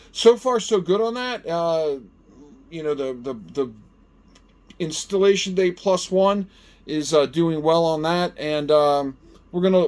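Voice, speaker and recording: A middle-aged man hosting a gardening vlog, chatting casually and animatedly as he tests a gadget. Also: on the high side. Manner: chatty and animated, talks to himself while testing. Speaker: gardening channel host. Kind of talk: casual product-testing vlog.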